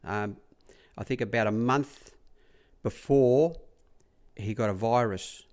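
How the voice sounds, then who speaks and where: A man's voice: mid-range voice, slow, a little mellow. A middle-aged Australian man, a former track rider, telling rambling stories in a casual interview, acting out what others said and repeating "I said" often. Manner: rambling anecdotes, acts out quoted dialogue, repeats "I said".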